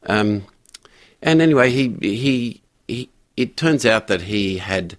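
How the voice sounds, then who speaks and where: An older man telling a story in a radio interview, halting with frequent restarts and fillers. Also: on the low side, animated. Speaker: guest, community pastor.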